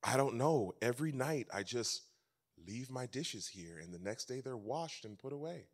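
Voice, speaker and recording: A man playing a sly, hushed husband. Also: mid-range voice, lively intonation, moderate pace, voice pushed down. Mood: sly calm. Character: easygoing husband, calm and sly.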